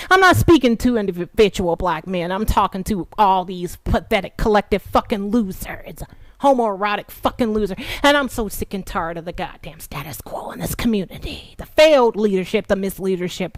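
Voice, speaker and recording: A woman delivering an angry, profane vlog monologue, swinging from low mutters to shouted taunts. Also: no echo. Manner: sarcastic taunting, emphatic repetition. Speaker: political commentary vlogger.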